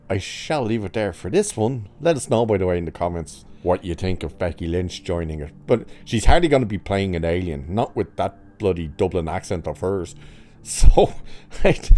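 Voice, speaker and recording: A man's voice: low voice, normal speed, dark tone. A man giving casual, opinionated commentary, sarcastic and exasperated, laughing at his own jokes. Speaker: pop culture commentator.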